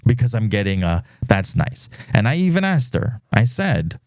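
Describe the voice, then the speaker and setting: A man's voice: lowish voice, normal speed, no room sound, clean studio sound. A podcast host, a man, tells a dating story in a casual monologue, acting out quoted messages with plenty of fillers. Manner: animated storytelling, acts out quoted texts; frequent fillers.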